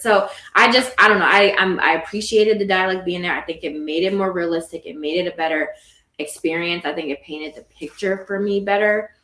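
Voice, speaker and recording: A woman with a lowish voice shares her reflections in a casual book club talk, pausing and restarting as she thinks. The room gives her voice a noticeable echo. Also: fairly bright tone. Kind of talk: casual group discussion. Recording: echoey room.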